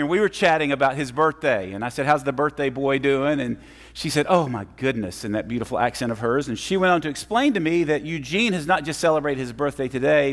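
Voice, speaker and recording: A man giving a guest sermon in a church, friendly and telling stories with humor. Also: fairly high pitch. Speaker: guest preacher. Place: church sanctuary. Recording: long reverb of a church hall.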